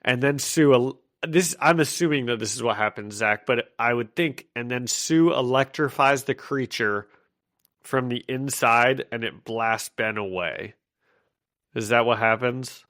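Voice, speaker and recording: A man's voice: mid-range voice, unhurried, fairly bright tone. A man co-hosting a podcast, chatting casually as he recaps a comic, laughing often and restarting his sentences. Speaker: podcast co-host.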